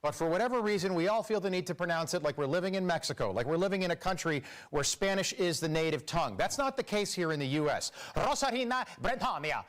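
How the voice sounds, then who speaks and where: A man's voice: a little high, expressive, quick pace, few pauses. A man delivering a sardonic opinion monologue in a TV clip. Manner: sardonic, mocking. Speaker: TV news commentator. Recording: clip played from TV.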